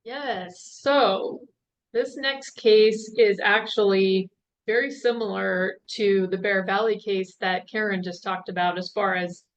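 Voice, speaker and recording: A woman's voice: medium pitch, fairly even intonation, slow. A woman on a webinar panel presenting a legal case in a conversational way, with chatty asides to the audience. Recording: dull webinar audio with faint hiss.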